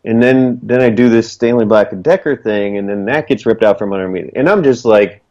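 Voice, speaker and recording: Low-voiced guy telling his story, earnest and rambly, dull lo-fi audio. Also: a little fast, a little mellow. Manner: earnest, rambling, many fillers. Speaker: guest, small business owner. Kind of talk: casual storytelling. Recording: dull lo-fi recording.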